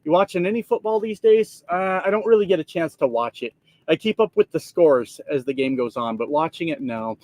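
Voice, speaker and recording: A man's voice: fairly high pitch, brisk, a little mellow. A man, hosting a trucker livestream from his truck, chatting casually and reading comments, swearing freely and laughing often. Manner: profane, rambling, laughs often. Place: inside a truck cab.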